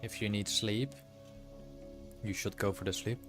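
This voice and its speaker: Here an unhurried man with a steady tone, his voice on the low side, chats in an easygoing way with viewers while playing a video game. It's a casual live stream with game music under his voice.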